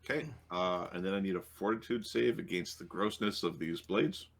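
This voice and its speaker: Running a tabletop session as game master, this man has a low voice with vocal fry and speaks at a moderate pace. He sounds unsure, saying um often as he reasons through the rules and rolls out loud.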